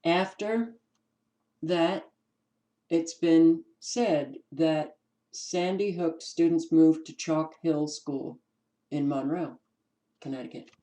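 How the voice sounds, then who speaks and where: A woman with a New York accent, hosting her own channel and giving casual commentary as she reads from documents, pausing with ums and restarting words. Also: sits low, mellow, poor audio. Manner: unhurried, stops to restart words, many ums. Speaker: channel host.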